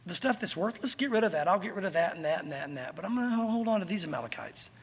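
A man with a high-pitched voice preaches an animated sermon, explaining scripture and playing out the characters with lively delivery. His voice rings with the long reverb of a large church hall. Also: racing, husky. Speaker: pastor. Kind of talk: expository sermon.

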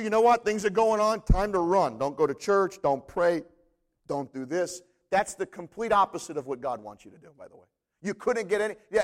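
A man preaching a sermon as pastor, conversational, with joking asides and emphatic repetition. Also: high voice.

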